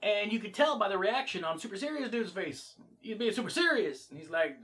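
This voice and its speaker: A man's voice: high-pitched, fairly quick. A man casually retelling and reviewing a movie in a rambling way, full of fillers. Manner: rambling, filler-heavy, animated. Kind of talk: casual reaction vlog.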